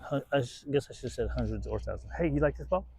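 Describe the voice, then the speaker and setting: A man's voice: mid-range voice, animated, fast talker, gravelly, a little mellow, a little hiss or hum. A man training a dog outdoors, rambling casually to the camera, swearing freely and breaking off to give the dog commands.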